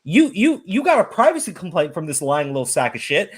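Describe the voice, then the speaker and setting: A man hosting a heated casual commentary, swearing freely as he rants. His voice swings widely in pitch, jumping up sharply whenever he is incredulous. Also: wildly swooping pitch, fairly quick, breathy edge. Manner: profane, ranting, incredulous outbursts. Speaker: podcast host.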